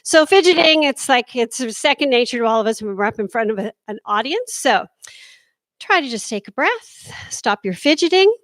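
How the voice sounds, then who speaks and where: Lively woman coaching stage presence. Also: fairly high pitch, normal speed, dry recording. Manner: energetic and demonstrative. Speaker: workshop presenter. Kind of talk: instructional performance tips.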